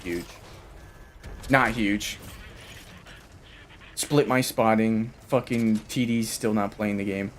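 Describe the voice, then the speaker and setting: A man's voice: on the low side, steady tone, slow, long pauses, slight background noise. A man giving live gameplay commentary while playing with teammates, ranting at them in a frustrated, profane way. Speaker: gamer playing online with teammates.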